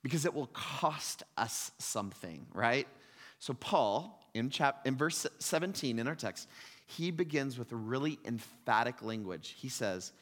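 A man's voice: mid-range voice, lively intonation, unhurried, a bit bright. Conversational male pastor in a hall. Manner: conversational, questioning asides. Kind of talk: sermon. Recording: long hall reverb.

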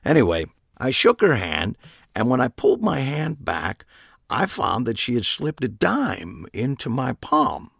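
Male narrator voicing a grumpy older widower, deadpan, gravelly, dry close sound. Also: mid-range voice, measured pace, dry recording, pitched above the performer's own voice, heavily acted. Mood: reminiscing. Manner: flat, deadpan. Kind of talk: audiobook character voice.

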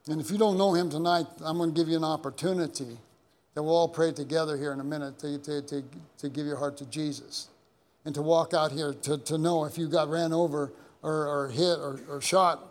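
A man preaching a sermon as pastor, telling stories in a rambling way with many repeated words and restarts. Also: a little high. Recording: long hall reverb.

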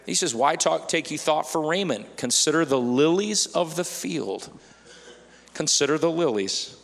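A male pastor delivers an animated sermon in a slightly high voice. He mixes scripture with playful acted-out examples. His voice carries a long reverb from a large church hall. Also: unhurried, vocal fry. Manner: animated preaching, quoting scripture, acting out worriers and birds.

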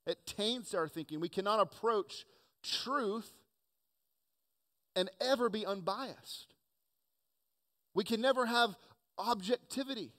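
A man preaching a sermon with earnest emphasis, rising to loud points and dropping to quiet asides. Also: sits high, slow pace, pauses often. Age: adult, has children. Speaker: pastor.

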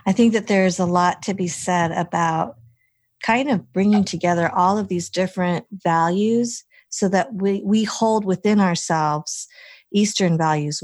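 A woman's voice: lowish voice, a little mellow, dry recording. A woman hosting an interview podcast, attentive and giving frequent affirming murmurs. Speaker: podcast host.

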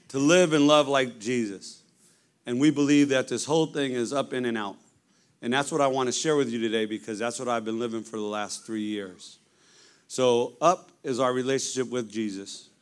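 A middle-aged man telling his conversion story in a church, gruff and humorous, with a storyteller's pacing. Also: mid-range voice. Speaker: lay preacher giving testimony. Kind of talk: sermon testimony.

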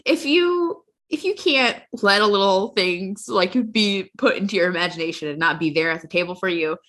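A woman's voice: on the low side, fairly bright tone. A woman, a game designer, chatting emphatically with fillers and false starts. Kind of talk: casual discussion.

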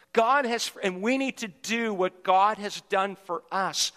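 A man's voice: high-pitched, bright, forceful tone, in a large hall. A man preaching a sermon as pastor, emphatic and repetitive as he builds his points. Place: church sanctuary.

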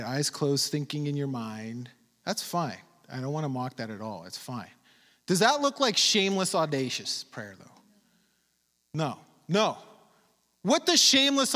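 A man delivers a sermon in a high, lively voice that swoops up and down. He leans hard on key words and draws them out slowly. His voice rings with the long reverb of a large hall. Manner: emphatic, stretches words slowly for emphasis. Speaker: preacher.

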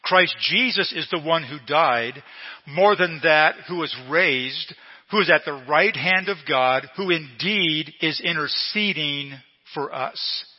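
A middle-aged male pastor preaching a sermon slowly and emphatically, repeating key phrases. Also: a little high. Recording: long reverb in a hall, dull lo-fi sound.

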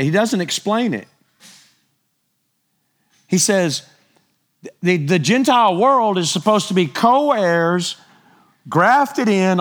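A middle-aged man preaches a sermon with an animated, conversational delivery. His voice sits fairly high and climbs higher still when he grows excited.

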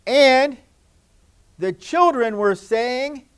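Gentle high-voiced pastor talking to children. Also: male voice, expressive, extremely slow, clear, resonant tone. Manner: gentle, repetitive, swings from loud to hushed. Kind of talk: children's sermon.

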